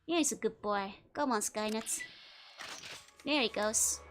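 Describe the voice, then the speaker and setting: A woman's voice: fairly high pitch, measured pace, fairly bright tone, a little hiss or hum. A young woman VTuber, chatting casually with viewers while playing a game, giggling often. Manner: giggly, answers chat questions, frequent laughter. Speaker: VTuber streamer. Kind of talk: casual gameplay chat with chat.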